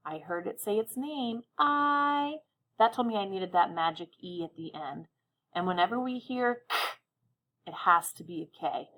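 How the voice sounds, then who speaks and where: Lady teacher doing phonics dictation, super slow, stretches every word out. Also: on the low side, fairly bright tone. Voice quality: slow, carefully sounds out words. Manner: patient, encouraging, stretches words out.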